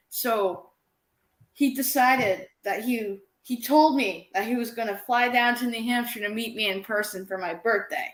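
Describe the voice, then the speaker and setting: Chatty female co-host, high bright voice, echoey room. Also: measured pace. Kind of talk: casual storytelling.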